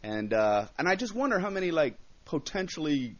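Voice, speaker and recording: A male comedian, appearing as a guest in a radio studio interview, tells stories from his early career and acts out his own reactions along with other people's voices. He speaks fairly quickly in a voice on the high side. The satellite radio broadcast sounds dull.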